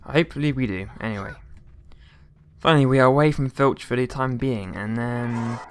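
A man's voice: medium pitch, moderate pace, clear, resonant tone, no room sound. A man giving casual gameplay commentary, rambling along with jokey, mock-outraged asides and mild swearing. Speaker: let's play gamer.

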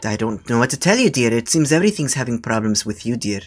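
A man's voice: medium pitch, very animated, quick pace, a little hiss or hum, close to an everyday voice. A man voicing a fussy, scolding old grandmother on a prank phone call, who ends nearly every line with "dear" and rambles. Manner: says dear constantly, scolding, meandering. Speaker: scambaiter.

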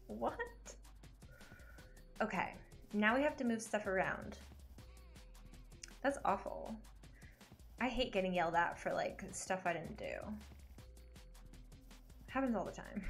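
A young woman chatting casually while streaming a puzzle game, giggly and animated. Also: mid-range voice, unhurried, pauses often, faint music behind. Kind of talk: casual gaming stream chat.

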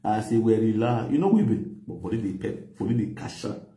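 Nigerian Pidgin man telling a story, mellow voice. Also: on the low side, brisk, roomy sound. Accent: Nigerian Pidgin English. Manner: animated, acts out quoted dialogue, laughs often. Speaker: vlogger. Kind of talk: casual storytelling to camera.

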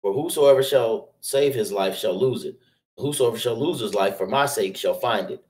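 Guy reading scripture steady and measured, echoey roomy sound. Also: medium pitch, far from the mic. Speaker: scripture reader.

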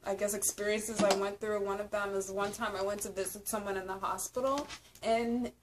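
A woman's voice: mid-range voice, fairly even intonation, brisk. A woman chatting casually with a friend, laughing along and chiming in with short reactions. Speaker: co-host friend. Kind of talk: casual chat. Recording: noisy recording.

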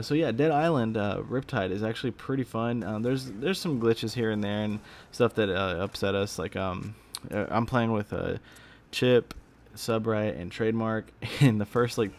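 A tired young man from Texas, rambling casually about his gaming videos with lots of fillers and restarts. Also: fairly low pitch. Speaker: gaming YouTuber. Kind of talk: rambling casual vlog talk. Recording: faint background noise.

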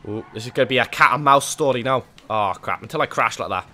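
Excitable man narrating co-op gameplay. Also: mid-range voice, fast. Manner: excitable, swings from muttering to yelling. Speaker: gaming channel host. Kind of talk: co-op gameplay commentary.

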